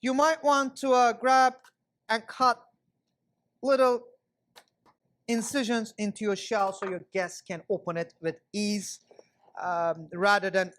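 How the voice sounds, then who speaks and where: Chatty higher-voiced male chef. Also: steady tone, takes it slowly, pauses often, fairly bright tone, slight background noise. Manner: chatty, explains steps to viewers as he cooks. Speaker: chef instructor. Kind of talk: cooking class demonstration. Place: kitchen.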